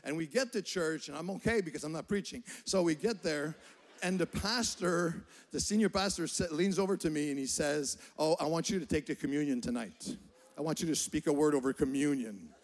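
Older male pastor, earnest sermon delivery with stumbling repeats, slightly raised pitch, long hall reverb. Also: brisk. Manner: earnest, repeats words while building a point. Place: church hall.

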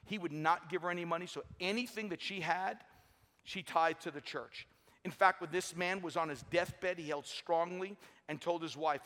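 A man's voice: fairly high pitch, normal speed, sharp tone. A middle-aged man preaching a sermon with energy and humor in a large church. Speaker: pastor. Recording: long hall reverb.

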